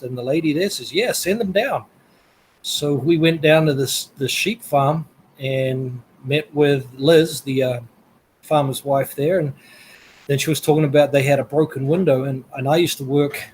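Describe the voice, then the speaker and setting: A man's voice: mid-range voice, a little mellow, slight background noise, poor audio. A man from New Zealand, a guest telling rambling travel stories in a casual interview, laughing now and then.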